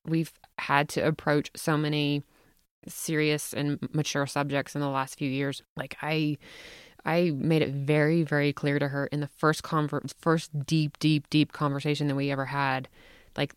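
A candid, animated woman chats on a podcast, her voice sitting fairly low for a woman. She tells a family story with frequent laughs, recorded dry and close in a sound studio. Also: normal speed, clear, resonant tone, no echo. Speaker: podcast host and mother. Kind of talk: casual storytelling chat.

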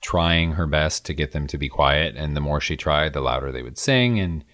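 A man's voice: a bass voice, moderate pace, fairly bright tone, dry recording, studio quality. A man from the Midwest, chatting casually and telling stories with enthusiasm. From American Midwest. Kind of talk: casual chat.

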